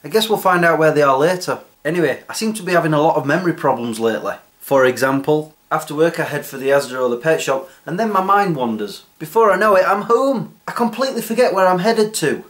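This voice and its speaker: Deadpan comedy vlogger man. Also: fairly high pitch, quick pace, hardly any pauses. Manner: deadpan, self-mocking storytelling. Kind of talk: scripted comedic monologue.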